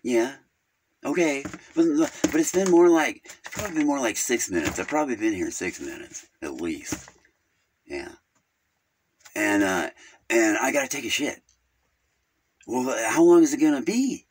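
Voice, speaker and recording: A man's voice: medium pitch, animated, normal speed, pauses often, slight background noise, close to an everyday voice. A man playing a naive, rambling caller named Virgil who keeps drifting off topic on a phone call. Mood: flustered. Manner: rambling, easily sidetracked, crude. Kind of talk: comedic character phone call.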